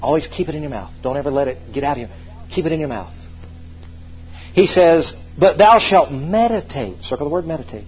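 A man's voice: on the high side, quick pace, long pauses, dull audio, a little hiss or hum. A man preaching a sermon, emphatic and repetitive, calling on the congregation to repeat phrases back to him.

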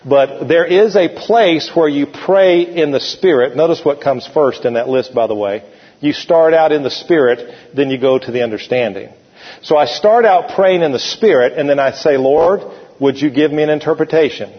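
A male pastor preaching a sermon in a church, folksy and animated, leading the congregation in call-and-response. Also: medium pitch, breathy edge. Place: church sanctuary. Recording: lo-fi church recording with long hall reverb.

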